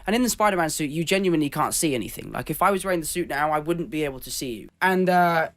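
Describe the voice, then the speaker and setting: A young man from England with an English accent, an actor telling lively, laugh-filled anecdotes in a casual interview. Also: fairly high pitch, fast. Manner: animated, laughing storyteller with mock quotes.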